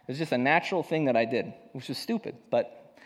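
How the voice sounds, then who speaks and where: Pastor with a long hall echo. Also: male voice, mid-range voice, fairly quick. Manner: storytelling, conversational and self-deprecating. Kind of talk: sermon. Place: church hall.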